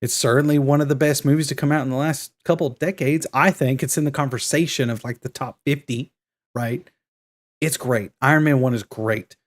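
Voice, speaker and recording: A man in his thirties chats casually on a podcast, steady mid-range voice. He tells stories with rising excitement and acts out the lines he quotes. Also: mid-range voice, a little fast. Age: 30s. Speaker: podcast co-host. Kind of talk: casual chat.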